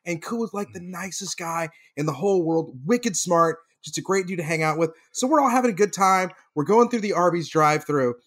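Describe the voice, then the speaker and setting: A man telling a funny anecdote on a podcast. His voice is slightly high and lively. He rambles animatedly and leans on fillers. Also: fairly quick, hardly any pauses. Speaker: podcast co-host. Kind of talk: comedic storytelling.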